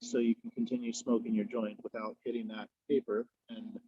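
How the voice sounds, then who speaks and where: A man's voice: mid-range voice, little pitch movement, a little fast, dark tone, husky, no echo, highs cut off. A man guesting on a podcast, chatting casually and telling rambling, laid-back stories while he smokes. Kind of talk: casual chat while smoking.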